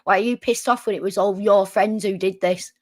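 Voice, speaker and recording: A woman's voice: mid-range voice, fairly even intonation, fairly quick, no room sound, clean studio sound. A woman hosting a reaction stream, talking back at clips with sarcasm and swearing. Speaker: streamer host. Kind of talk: reaction commentary.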